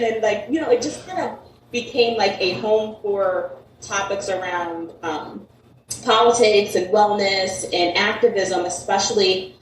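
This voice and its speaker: A woman's voice: mid-range voice, moderate pace, a little hiss or hum. A woman from Connecticut, a podcast guest, chatting casually and rambling, with a lot of "like" and "um". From Connecticut, USA. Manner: rambling, heavy use of "like" and "um". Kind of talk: casual chat. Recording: echoey room, mic at a distance.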